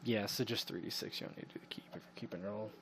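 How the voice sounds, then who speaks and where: A man's voice: fairly low pitch, steady tone, a little fast, a bit bright, a little hiss or hum. Rambling man running a tabletop game. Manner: rambling, full of ums and "you know". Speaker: game master. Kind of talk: narrating a tabletop role-playing game.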